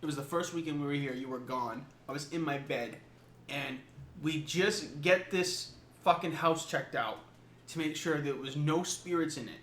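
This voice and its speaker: A man co-hosting a podcast in casual chat, telling stories in a lively way and swearing freely. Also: fairly high pitch, normal speed. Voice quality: swears a lot, animated storytelling. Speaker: podcast co-host. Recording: echoey room, faint noise.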